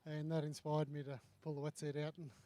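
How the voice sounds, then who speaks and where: A man who has just finished competing, still out of breath, answering questions in brief, modest phrases. His slightly high voice stays fairly flat in pitch. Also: a little fast, no room sound. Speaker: competitor being interviewed. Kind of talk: casual interview.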